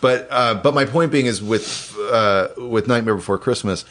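A man's voice: lowish voice, moderate pace, a bit bright. A man who works as an animation producer, chatting casually as a podcast co-host, swearing often and rambling with many restarts. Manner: profane, enthusiastic, rambling with restarts. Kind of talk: casual chat.

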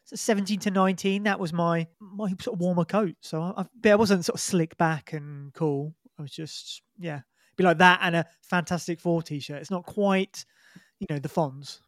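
A man from the Isle of Wight, a podcast guest telling halting anecdotes. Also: high-pitched, no echo, clean studio sound. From Isle of Wight, England. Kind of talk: casual podcast chat.

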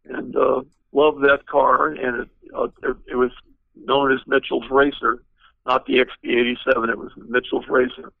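A man's voice: medium pitch, flat delivery, normal speed, vocal fry, no echo, phone-quality sound. An older man, a guest car designer, telling long rambling anecdotes with many fillers in an interview. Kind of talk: storytelling interview.

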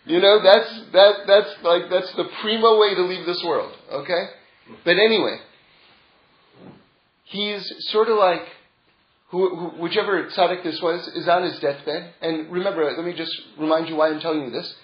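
A man's voice: sits high, steady tone, normal speed. A man giving an informal religious lecture as a Torah teacher, telling stories in a rambling way and chuckling often. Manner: digressive storytelling with frequent chuckles. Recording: roomy, dull lo-fi sound.

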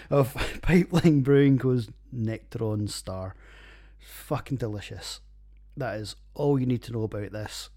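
A man's voice: on the low side, mellow. A man with a Scottish accent hosting a casual solo podcast, rambling and jokey with plenty of swearing. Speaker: podcast host reviewing beers.

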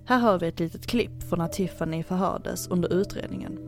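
Low, gravelly woman narrating true crime. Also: a little fast, soft background music. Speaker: podcast host.

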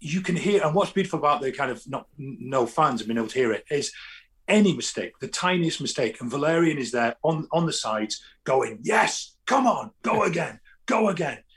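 A man, a football fan guest telling animated stories in casual chat, often restarting his sentences. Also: mid-range voice, a little fast. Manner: animated storytelling, frequent restarts.

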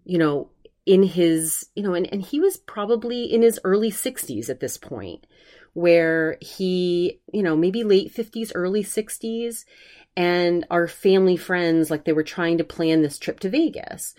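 A woman's voice: on the low side, lively intonation, unhurried, warm tone. A woman hosting a solo podcast, talking earnestly and rambling with many restarts, emotional while recovering from covid. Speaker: podcast host.

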